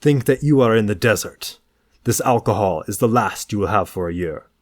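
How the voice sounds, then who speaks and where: Male reader doing a French seducer: French accent, slow and insistent, low and dry. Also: lively intonation, no room sound. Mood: commanding. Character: languid, intense French man, a seductive stranger.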